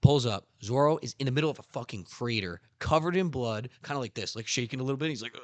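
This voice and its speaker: A young man chatting on a podcast, telling a story with lots of energy and slipping into voices for the characters. His voice sits at a middle pitch and sounds dry and close to the mic. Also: quick pace, hardly any pauses, dry recording. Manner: animated storytelling with slang, acts out character lines. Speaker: podcast host. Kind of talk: casual podcast chat.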